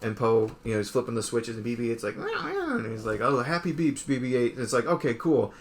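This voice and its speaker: Guy rambling through a movie recap, tons of "like", tosses in quick quote voices. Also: medium pitch, fairly even intonation. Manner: rambling retelling full of "like" and quick put-on quotes. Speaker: podcast co-host. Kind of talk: casual chat.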